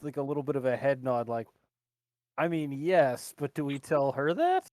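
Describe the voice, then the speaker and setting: A man at a gaming table describes his character's moves in a wry, deadpan tone. His voice sits mid-pitch and sounds close and dry. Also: moderate pace, no echo. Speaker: player.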